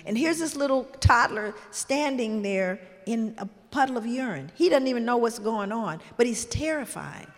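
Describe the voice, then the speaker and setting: Earnest older woman, high voice, echoing hall. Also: lively intonation, normal speed, hardly any pauses. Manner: earnest, warm, full of "you know" asides. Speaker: guest. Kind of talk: reflective storytelling in conversation. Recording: long hall reverb.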